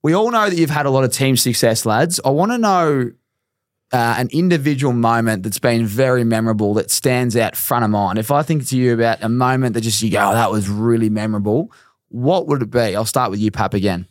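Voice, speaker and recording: A man's voice: medium pitch, brisk, dry recording, studio quality. An Australian man hosting a casual sports chat, asking playful questions and laughing easily. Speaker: podcast host.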